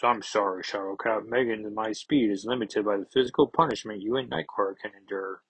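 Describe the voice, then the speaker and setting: A man's voice: lowish voice, fairly quick, fairly bright tone, slightly rough, no echo, low-quality recording. A man doing a stiff, formal flying hero. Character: proper flying superhero man, British captain.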